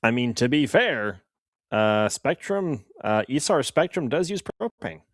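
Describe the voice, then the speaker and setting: A man co-hosting a casual live show, excitable and quick to exclaim. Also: mid-range voice, no echo, clean studio sound. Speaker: co-host. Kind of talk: casual chat.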